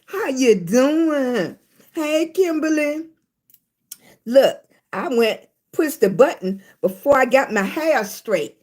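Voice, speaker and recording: A woman's voice: sits high, animated, a little mellow. A woman chatting casually on a live stream from her phone, greeting viewers, slightly congested after a hospital stay. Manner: chatty, greets viewers, drawn-out emphatic talk. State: recovering from illness, congested.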